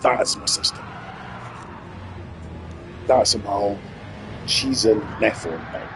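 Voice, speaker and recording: A man streaming live, rambling and swearing through an animated monologue. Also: fairly low pitch, takes it slowly, vocal fry, music in the background, rough recording.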